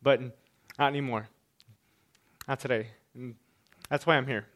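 A man in his twenties telling his own story in a speech, with a stutter that repeats sounds and words, and measured, deliberate pauses. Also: medium pitch, steady tone, a bit bright. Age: 20s. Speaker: speaker sharing his story.

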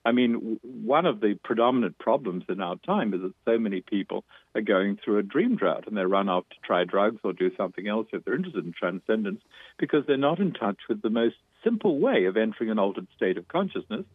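A man with a New York accent, an author and dream teacher, explaining fervently and fast as an interview guest, with frequent restarts. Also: fairly low pitch, expressive, husky, no room sound. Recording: tinny phone line.

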